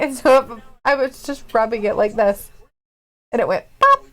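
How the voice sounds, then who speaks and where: A woman's voice: a little high, a bit bright. A woman co-hosting a wrestling watch-along stream, chatting casually, giggling often and swearing freely. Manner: giggly, swears a lot, mimics wrestlers in quick asides. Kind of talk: casual chat.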